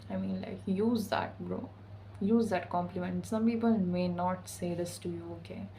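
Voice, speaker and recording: Casting note: a woman with a low, flat voice, easygoing and sassy as a spiritual vlogger, profane slang throughout. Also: a little hiss or hum, low-quality recording. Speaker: intuitive spiritual channeler. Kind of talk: casual spiritual message vlog.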